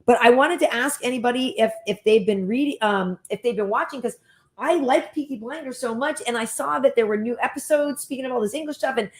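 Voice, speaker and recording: A woman hosting a casual chat show, talking in a chatty, enthusiastic way with quick asides. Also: a little high. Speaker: host.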